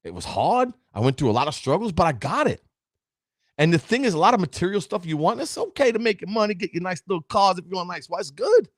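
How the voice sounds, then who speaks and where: A man's voice: high-pitched, big pitch swings, quick pace, dry recording, studio quality. A man, giving an emphatic, preachy motivational talk as a podcast host and speaking straight to his listeners. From Brooklyn, New York. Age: 50s.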